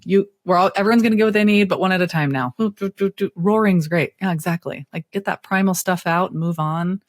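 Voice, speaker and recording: A middle-aged woman therapist speaking in an interview, expressive and storytelling with playful asides. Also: on the low side, brisk, dry recording, clean studio sound. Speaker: therapist guest. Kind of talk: interview conversation.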